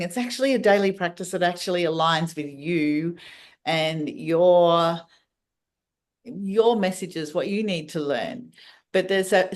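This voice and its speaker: A woman guest on a podcast, talking in a meandering, casual way with many restarts. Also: mid-range voice. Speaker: podcast guest, wellness practitioner. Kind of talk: casual interview talk.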